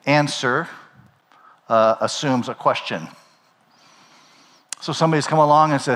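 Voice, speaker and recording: A man's voice: mid-range voice, unhurried, pauses often, fairly bright tone. A man preaching a sermon as pastor, in a conversational style, often checking in with "right?". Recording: long hall reverb.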